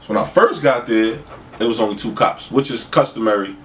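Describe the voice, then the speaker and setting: A man telling a street story in casual talk, acting out other people's lines in a high voice. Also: fairly quick. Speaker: storyteller on a podcast. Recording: far from the mic, faint noise.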